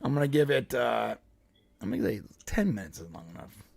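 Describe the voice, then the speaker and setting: A man's voice: medium pitch, lively intonation, fairly quick, gravelly, dry recording. A man hosting a casual political podcast, talking bluntly and profanely and slipping into put-on voices when he tells a story. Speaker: podcast host.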